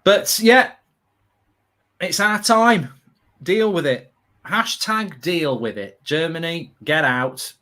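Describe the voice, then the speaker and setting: A male host doing live football watchalong banter with a swinging, very lively pitch. His voice sits a little high, and he rants and swears as he goes. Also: slow pace, pauses often. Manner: animated, ranting, swearing.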